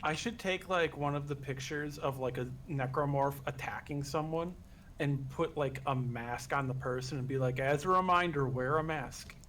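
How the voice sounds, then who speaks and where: A man's voice: medium pitch, moderate pace, slight background noise. A man chatting casually with a game streamer, tossing in wry jokes. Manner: wry, joking asides. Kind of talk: casual chat.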